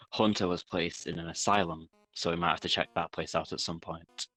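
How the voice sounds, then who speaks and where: A man's voice: sits low, pushed and bright, slightly rough, dry recording, rough recording. A man playing a tabletop role-play game, blunt and exasperated with his partner. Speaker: player, podcast host.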